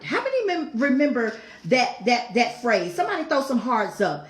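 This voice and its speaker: A woman's voice: high-pitched, very animated, normal speed, roomy sound. A woman hosting a live-stream talk show, coaxing viewers to answer and repeating her questions as she reads their comments. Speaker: host.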